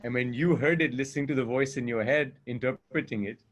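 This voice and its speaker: A man's voice: mid-range voice, fairly quick. A man speaking as a communication coach in a conversation, earnest and explaining with examples and rhetorical questions.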